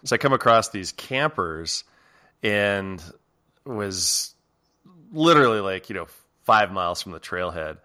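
A podcast host with a deep, animated voice, a little slow, bright, forceful, clear and resonant, chats casually. He tells a rambling story, laughs a lot and keeps restarting.

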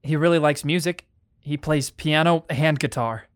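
A man's voice: fairly high pitch, moderate pace, clean tone, close to an everyday voice. A young man playing an earnest teenage boy. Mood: eager. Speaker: actor in student radio drama. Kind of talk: radio drama acting.

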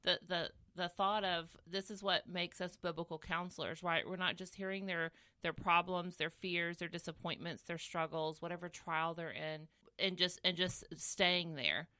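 Female podcast host, encouraging, recaps and prompts, lowish voice, dry sound. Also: fairly even intonation, normal speed, pushed and bright, no echo. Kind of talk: podcast conversation.

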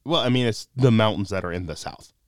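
Lowish and fast, the voice belongs to a young podcast host from the North Carolina mountains, recorded with no room sound on a studio mic. He's playful, swapping jokes and stories with quoted voices during a relaxed chat.

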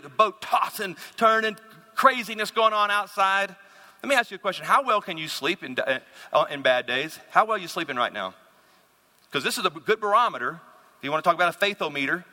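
A man with a high, very bright voice preaches a sermon, firing questions at his listeners. Now and then he acts out a panicked cry for help. His voice rings with the long reverb of a large hall. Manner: animated preacher, acts out panicked cries and asks the audience questions. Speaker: pastor.

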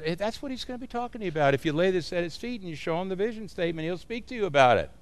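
A man's voice: high voice, expressive, racing, few pauses. A man teaching other pastors in an informal, folksy way, often chuckling as he talks.

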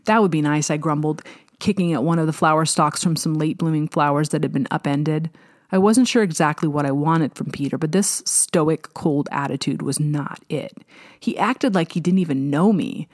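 Low-voiced woman narrating a novel. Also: darkish tone, dry recording, studio quality. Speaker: audiobook narrator. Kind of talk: first-person novel narration.

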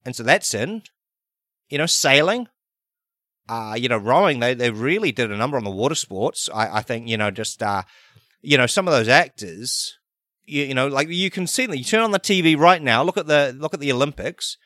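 A man, hosting a podcast in a rambling, deadpan comedic monologue full of fillers and restarts. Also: medium pitch, normal speed, no echo, studio quality. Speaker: podcast host.

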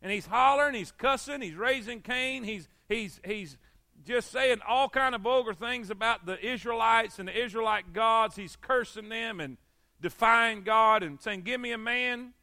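A man's voice: high voice, moderate pace, pushed and bright, no room sound, studio quality. A man preaching an evening sermon in a folksy way, repeating his phrases and calling for amens. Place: church service.

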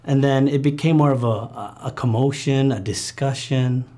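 A man recounting a painful childhood memory in an interview, earnest and halting, with many fillers and restarts. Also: mid-range voice, warm tone. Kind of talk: personal testimony interview.

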